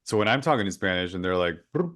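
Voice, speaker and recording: A man's voice: deep voice, rapid-fire, fairly bright tone. A male podcast host talking in a casual, effusive interview chat, full of fillers. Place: current home in Orlando.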